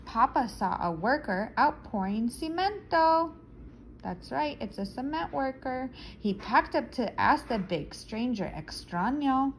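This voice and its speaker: Expressive woman reading a picture book. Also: fairly high pitch, a little slow, vocal fry, slight background noise, poor audio. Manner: expressive, explains words to kids. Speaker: storyteller for children. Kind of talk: children's picture-book read-aloud.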